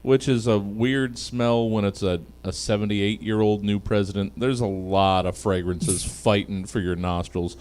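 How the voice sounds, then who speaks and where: A man's voice: lowish voice, fairly even intonation, a little slow, hardly any pauses, darkish tone. A man hosting a comedy panel show, joking loosely and laughing often.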